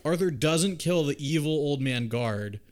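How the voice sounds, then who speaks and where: A man's voice: on the high side, measured pace. Profane man recapping a movie. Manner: profane, animated storytelling, acts out characters' lines. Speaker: podcast co-host. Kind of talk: casual movie recap chat.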